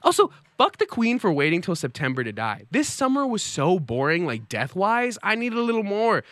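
A man's voice: sits high, brisk, few pauses, no room sound. A young man in his twenties hosting a comedy show and delivering a joking monologue. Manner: animated, joking, swings into put-on voices. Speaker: host. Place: New York City.

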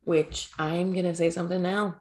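A woman co-hosting a casual chat, animated and incredulous as she recaps scenes and mimics the characters. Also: lowish voice, moderate pace. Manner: animated, incredulous, quoting characters in exaggerated voices. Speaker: podcast co-host recapping a show.

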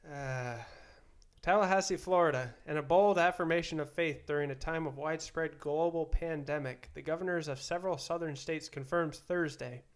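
A man with a slightly higher voice hosts a casual podcast. He reads news stories aloud and teases his co-host in a quiz game, in relaxed everyday conversation. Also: normal speed, clean tone. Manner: reads headlines aloud, teasing quiz-master.

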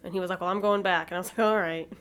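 A woman chatting casually and telling anecdotes in a relaxed way. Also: lowish voice, fast. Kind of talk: casual chat.

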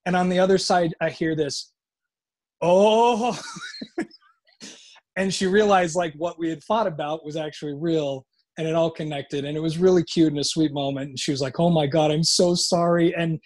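A man's voice: on the high side, fairly even intonation, a little fast, few pauses, darkish tone. A man from Utah, a podcast guest telling personal stories in casual chat, acting out the voices of people he quotes, with frequent restarts and swearing.

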